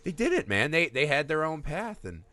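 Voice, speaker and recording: A man in his thirties co-hosting a casual film podcast, animated and swearing freely as he acts out scenes. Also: a little high, moderate pace, no echo. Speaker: podcast co-host.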